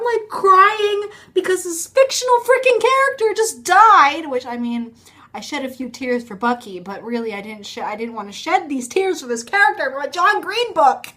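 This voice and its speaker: A woman's voice: fairly high pitch, a bit bright. A young woman telling a rambling, chatty story to her phone camera at home, often stopping herself mid-sentence and laughing. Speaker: vlogger.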